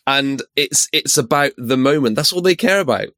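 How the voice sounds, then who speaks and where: A man's voice: medium pitch, lively intonation, moderate pace, bright, forceful tone, no room sound. A man speaks as a podcast co-host, earnest and reflective in a casual chat. His voice sits in a middle range. The recording is dry and close. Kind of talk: casual conversation.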